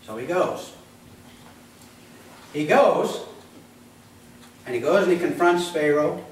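A man's voice: on the high side, lively intonation, slow pace, very echoey, distant mic, slight background noise, low-quality recording. A man preaching a sermon as pastor, talking conversationally, quizzing the congregation and acting out voices. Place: church.

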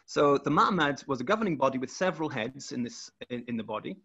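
A man's voice: mid-range voice, animated, fast talker, sharp tone, husky, lo-fi sound. A man presenting his research over a video call, explaining step by step with frequent restarts.

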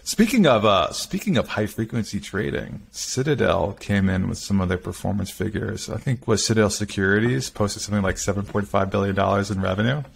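A man with a lowish, gravelly, husky voice co-hosting a podcast. He keeps up joking, sarcastic asides in casual chat. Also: fairly quick, few pauses. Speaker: podcast co-host.

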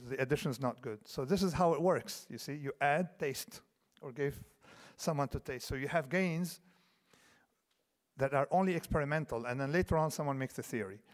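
A man in his fifties giving a conference lecture, digressive, full of restarts and asides that check in with the audience. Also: mid-range voice. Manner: digressive, restarts often, asks the audience "okay?". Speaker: keynote speaker. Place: large conference hall. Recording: long hall reverb.

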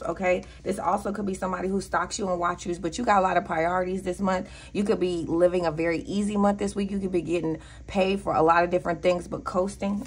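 A woman's voice: medium pitch, slight background noise. A woman with a Southern US accent giving a casual tarot reading, blunt and profane, with preachy asides. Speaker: tarot reader.

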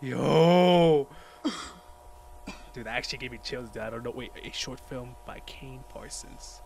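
A man hosting a reaction video, excitable and exclaiming a lot as he watches, wearing headphones. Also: medium pitch, fairly quick, creaky, background noise. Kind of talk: reaction commentary. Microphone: headphones on while reacting.

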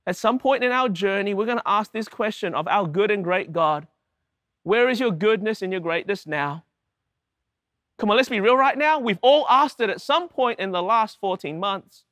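A man's voice: sits high, lively intonation, brisk, hardly any pauses, fairly bright tone, no echo, clean studio sound. A man preaching a sermon to his congregation, emphatic, with repeated rhetorical questions. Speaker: pastor.

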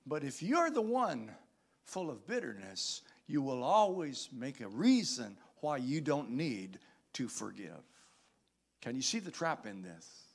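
A man's voice: medium pitch, gravelly. A man preaching a sermon as pastor, reading scripture aloud with dramatic emphasis and calling out to the congregation. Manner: calls out to the congregation.

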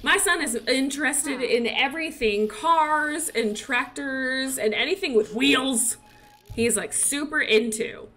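A high, fairly bright voice that takes its time belongs to a young mother in her twenties who streams games. While playing, she chats casually, rambling about her son and laughing often.

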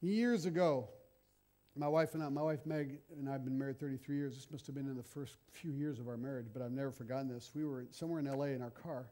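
A middle-aged man preaching a sermon, telling stories in an animated, conversational way. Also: mid-range voice, fast talker.

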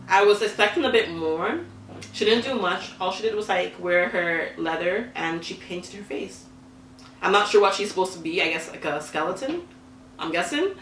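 A young woman with a bright, sharp voice chats through a casual reaction vlog, laughing easily and reacting with excitement. She sits a little back from the mic in an echoey room with a faint hum of ambience. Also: lowish voice, moderate pace, recorded from a distance. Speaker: YouTuber reviewing celebrity costumes.

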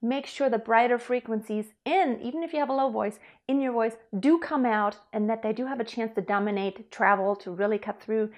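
Bright-voiced woman vocal coach. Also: on the high side, brisk, few pauses. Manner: explains with sung demonstrations. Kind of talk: singing lesson.

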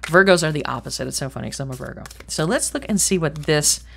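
Low-voiced woman reading tarot, blunt. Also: animated, fast talker, vocal fry, a bit bright, a little hiss or hum. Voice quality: blunt, swears casually. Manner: chatty and rambling, thinks aloud. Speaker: tarot reader. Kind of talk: casual tarot reading to camera.

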